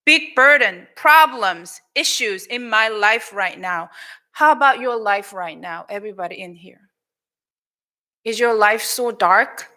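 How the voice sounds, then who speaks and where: A woman with a Korean accent preaches to children in a church, her higher voice bright and forceful. She tells the Bible story in an animated way, acts out the characters and switches between English and Korean as she speaks. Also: unhurried. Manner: animated, acts out quoted lines. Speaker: pastor. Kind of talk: children's sermon. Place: church sanctuary.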